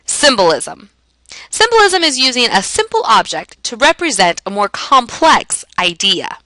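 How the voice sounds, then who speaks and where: Bright, lively woman teacher. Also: a little high, a little slow, dry recording, poor audio. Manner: clear, emphatic explaining with rhetorical questions. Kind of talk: classroom lesson narration.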